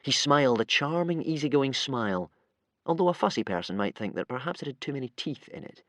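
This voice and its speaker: Lively male audiobook narrator. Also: medium pitch, fairly quick, dry recording, clean studio sound. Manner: lively, voices many characters. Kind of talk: expressive audiobook reading.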